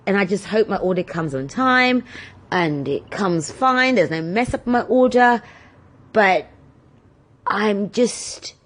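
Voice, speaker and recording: A woman's voice: mid-range voice, animated, slow pace. A woman hosting her own podcast, telling a story in a chatty, blunt way, swearing freely and acting out both sides of the conversations. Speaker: podcast host. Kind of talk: casual storytelling monologue.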